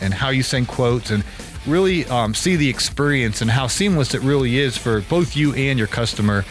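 A man hosting a podcast, telling a long story in a loose, rambling way and acting out quoted lines. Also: mid-range voice. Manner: rambling storyteller, animated quoting. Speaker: podcast host. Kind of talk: casual podcast chat.

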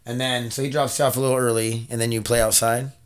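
A man's voice: medium pitch, level tone, fast. Rambling man hosting a home podcast. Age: 30s. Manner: rambling, loose and swearing. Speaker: podcast host. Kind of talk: casual podcast chat. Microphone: desk mic.

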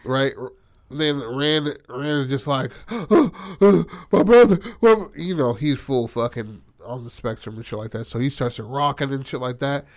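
A man in the middle of a loose, profane retelling of a game session, jumping into the characters' lines as he goes. His pitch sits at an ordinary middle height. The sound is dry and close, with no room echo. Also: steady tone, moderate pace, fairly bright tone. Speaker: storyteller recounting a tabletop game. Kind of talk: casual storytelling chat.

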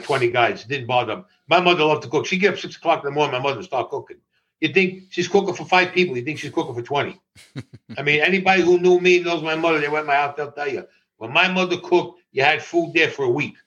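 An older man telling stories in an interview, animated, laughing often and swearing freely. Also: a little high, fast talker, muffled recording, a little hiss or hum. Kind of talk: storytelling in conversation.

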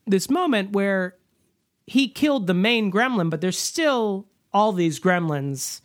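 A man's voice: sits high, animated, takes it slowly, no echo. Dry-voiced man chatting about a film. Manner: chatty, filler-heavy, rambling analysis. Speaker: podcast co-host. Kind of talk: casual film discussion.

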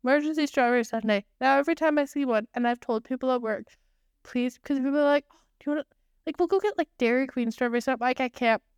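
High, smooth-voiced young woman. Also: fast talker, dry recording, studio quality. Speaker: podcast co-host. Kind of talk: casual storytelling chat.

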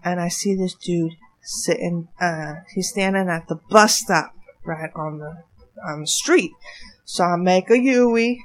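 A woman, a former bartender, telling a story in casual chat, animated and laughing as she goes. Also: lowish voice, unhurried.

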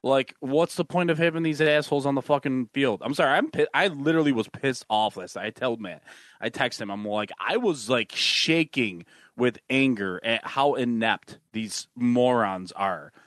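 A man's voice: medium pitch, normal speed, fairly bright tone, no echo. A man co-hosting a sports podcast, talking in a blunt, profane, ranting way. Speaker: podcast co-host. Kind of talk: casual sports chat.

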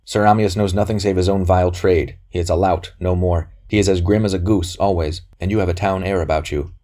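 A wary old physician from a storybook reading, terse and secretive, with a quick scornful edge, voiced by a deep-toned male narrator. His voice sits low and close to the reader's own. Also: fairly even intonation, warm tone, natural voice. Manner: terse, suspicious, flaring into scorn. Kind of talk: audiobook character reading.

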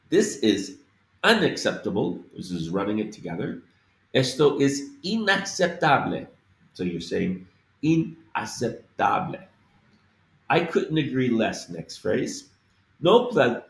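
Man slowly enunciating in an echoey room. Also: medium pitch, big pitch swings. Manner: slow, deliberate enunciation of each phrase. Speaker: Spanish teacher. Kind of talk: language lesson with repeated phrases.

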